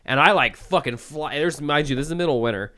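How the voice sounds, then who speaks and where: A young man co-hosting a podcast tells a story in a loose, rambling, profane way, packed with "like" fillers, as part of a casual storytelling chat. His voice is on the high side, fast and expressive, with a sharp tone.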